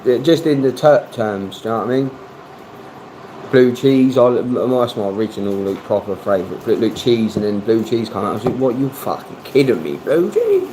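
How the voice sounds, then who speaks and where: A man's voice: on the low side, fairly even intonation, a little fast, dark tone, slight background noise, rough recording. A man chatting casually on a livestream, laid-back, swearing freely and reading chat messages aloud. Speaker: livestream host.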